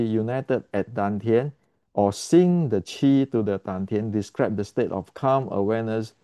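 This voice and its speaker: Man teaching martial arts, blunt and emphatic, repeats himself, clears his throat, warm dark tone, dry close sound. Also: fairly low pitch, no echo. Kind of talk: explanatory lesson to camera.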